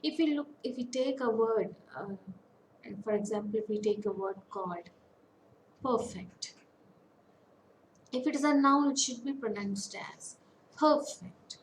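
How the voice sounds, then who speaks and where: A woman counsellor with an Indian English accent, giving a lecture on English phonetics and pausing often with fillers. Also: on the high side, poor audio. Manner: slow, deliberate, with many hesitations and fillers. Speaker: academic counsellor. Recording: faint background noise.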